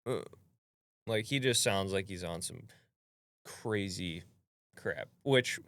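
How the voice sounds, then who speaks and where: Male podcast host, low smooth voice, easygoing and chuckling. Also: takes it slowly, a bit bright. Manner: laid-back, laughs often, wraps up the show. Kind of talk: casual chat.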